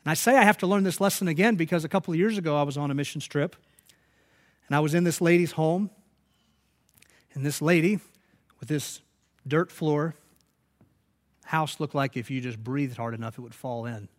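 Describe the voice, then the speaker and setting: A man's voice: a little high, moderate pace, pauses often. A man preaching a sermon, telling stories and rising to emphatic peaks. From United States. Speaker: pastor.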